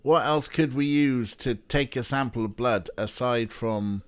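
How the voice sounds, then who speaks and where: A man's voice: medium pitch, measured pace, clear, resonant tone, dry recording. A man streaming an adventure game, rambling and joking with chat, sometimes swearing while teasing a pet. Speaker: let's play streamer. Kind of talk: casual gameplay commentary.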